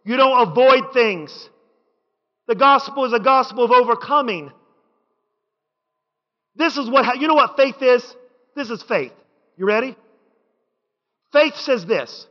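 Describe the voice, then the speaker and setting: High-voiced man preaching in an echoing hall. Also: expressive, measured pace, pauses often. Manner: rhythmic preaching with repetition, building to shouts. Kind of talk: sermon. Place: church sanctuary. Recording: dull sound with long hall reverb.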